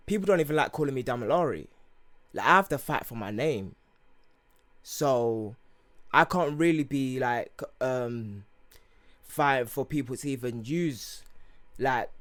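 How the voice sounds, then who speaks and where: A man's voice: medium pitch, unhurried. Rambling young man with an English accent. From Nigeria (Yoruba heritage). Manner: rambling, many fillers and restarts. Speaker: podcast co-host. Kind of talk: casual chat.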